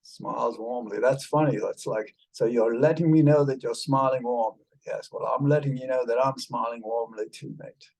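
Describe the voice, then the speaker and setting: A man's voice: medium pitch, fairly even intonation, moderate pace, creaky, hardly any pauses, a little mellow, rough recording. A man speaking in a put-on British accent, chatting casually and rambling with many fillers while calling his listener mate, over a video call. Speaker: show host talking with an AI companion. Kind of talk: casual chat.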